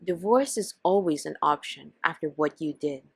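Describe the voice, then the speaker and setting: A woman voicing a betrayed husband in a scripted text-story reading, firm and measured. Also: sits low, creaky, slightly rough, dry recording, pitched below the performer's own voice, exaggerated voice. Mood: stern. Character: stern, betrayed husband and father.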